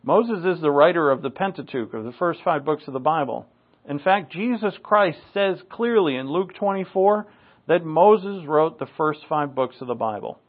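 A man's voice: a little high, expressive, moderate pace. A man from New England preaching a Bible teaching sermon in a conversational, wry way, with asides and dry jokes. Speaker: pastor. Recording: tinny phone-like recording.

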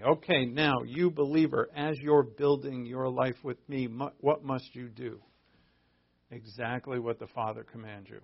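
Gravelly man preaching a casual sermon. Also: medium pitch, a little slow. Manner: conversational, emphatic, frequent restarts and asides. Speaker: pastor. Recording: dull lo-fi audio.

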